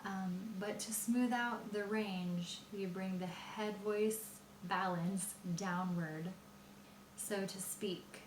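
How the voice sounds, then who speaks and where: A woman teaches singing in a patient, explanatory manner, often pausing with fillers as she talks. She speaks at a slow, unhurried pace. Her voice rings a little in a roomy, echoey space with faint room hum behind it. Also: medium pitch, steady tone. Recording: roomy echo.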